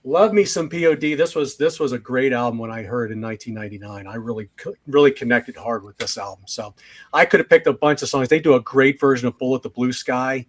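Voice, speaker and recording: A man's voice: mid-range voice, fast. A man on a panel discussion, talking casually and enthusiastically about his favorite songs, with some fillers. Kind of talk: casual music panel talk.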